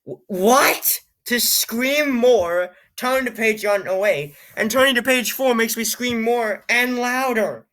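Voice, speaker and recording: A man's voice: very high-pitched, a little slow, few pauses, fairly bright tone. A man hosting his channel, reading a nonsense story aloud in a playful, mock-dramatic way with joking asides. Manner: playful, mock-dramatic, breaks into laughter and jokes. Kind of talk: comedic reading with commentary.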